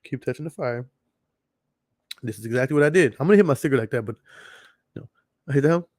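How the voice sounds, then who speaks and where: A man's voice: medium pitch, expressive, quick pace, a little mellow, dry recording, clean studio sound. A man hosting a podcast, telling a long story in a rambling, profane way and repeating himself. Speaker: podcast host. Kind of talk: casual storytelling monologue.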